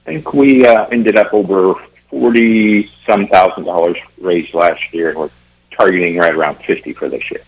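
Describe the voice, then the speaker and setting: Low husky man on lo-fi radio. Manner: halting, many fillers and restarts. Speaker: event organizer guest. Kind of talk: casual radio interview. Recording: dull lo-fi radio audio.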